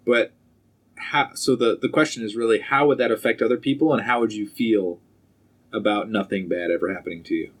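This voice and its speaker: A man's voice: on the low side, steady tone, a little fast. A man co-hosting a casual podcast, easygoing, asking questions and laughing along. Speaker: podcast co-host. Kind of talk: casual chat.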